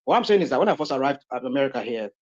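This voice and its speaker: A man's voice: mid-range voice, animated, racing, darkish tone. A man from Nigeria speaking on a live online panel, rambling with many fillers and restarts. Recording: dull lo-fi audio.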